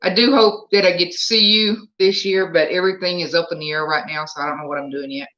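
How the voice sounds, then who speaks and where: Bright Southern-accented livestream host. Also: medium pitch, fairly even intonation, fast. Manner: chatty, answers viewer comments aloud. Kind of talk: casual live chat. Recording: slightly dull lo-fi sound.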